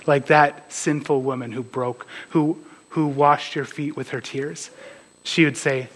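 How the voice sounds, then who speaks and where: A man's voice: on the high side, steady tone, a little slow, a bit bright, rough recording. A man preaching a conversational sermon as pastor, dropping to a near whisper at tender moments.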